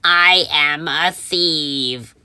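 A woman voicing an honest adult male burglar who admits it flatly. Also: low-pitched, very slow, clear, resonant tone, no room sound, pitched below the performer's own voice, heavily acted. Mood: plain.

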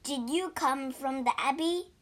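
A woman's voice: high-pitched, a little slow. A woman voicing a powerful old male immortal who speaks with command. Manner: calm, then commanding.

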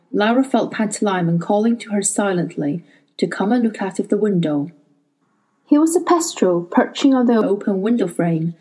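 A woman narrates a novel aloud at an even, measured pace. Her voice is warm and mellow, and it sits at a middle pitch. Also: breathy edge, poor audio. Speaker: audiobook narrator.

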